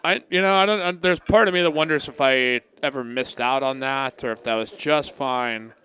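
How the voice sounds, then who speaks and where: A man calls a live poker game and chats loosely with his viewers. His talk rambles and is peppered with casual swearing. His voice sits at an ordinary middle pitch. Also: moderate pace, bright, forceful tone, a little hiss or hum. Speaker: poker stream commentator. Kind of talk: live commentary and chat reading.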